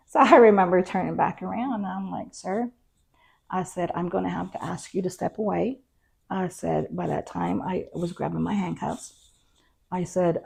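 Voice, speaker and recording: A woman's voice: on the low side, creaky, breathy edge. A woman, a county constable, tells her story in an interview, acting out the exchanges and using frequent fillers. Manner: animated retelling that acts out quoted exchanges; frequent fillers like "you know" and "um". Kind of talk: first-person storytelling in an interview.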